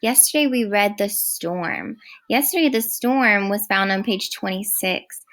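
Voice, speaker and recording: A woman teaching a recorded first grade phonics lesson, speaking clearly and praising often. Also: mid-range voice, a bit bright. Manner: slow, clear, encouraging teacher talk.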